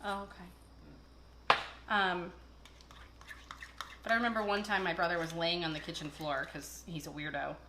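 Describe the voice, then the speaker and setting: This cooking show host has a fairly low voice with fairly even intonation, speaking at a moderate pace with long pauses. She jokes, chats and tells stories while cooking for a casual video. Recorded by a camera across the echoey kitchen, the clip carries background noise and the clatter of dishes and cutlery.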